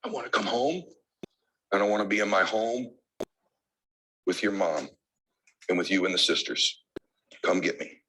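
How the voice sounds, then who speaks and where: A man voicing his dying elderly father, speaking in a weak, breathy, gasping whisper. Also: lowish voice, animated, normal speed, pauses often, bright, forceful tone, full character voice. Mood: pleading.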